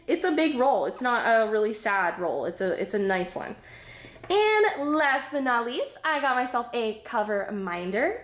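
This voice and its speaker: A woman chatting casually and excitedly while unboxing crafts, a little out of breath, bubbly and giggly. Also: fairly high pitch, reverberant. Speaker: craft vlogger.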